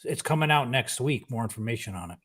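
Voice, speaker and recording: A man with an ordinary mid-range voice shares news haltingly. He measures his words with pauses and fillers. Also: medium pitch, lively intonation, a bit bright. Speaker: podcast panelist.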